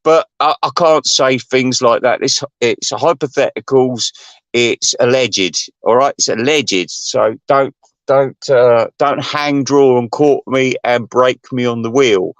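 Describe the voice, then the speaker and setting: A man's voice: medium pitch, a little slow, no room sound. A man hosting his channel, ranting in a rambling, gossipy and profane way. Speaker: channel host. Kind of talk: rambling livestream rant.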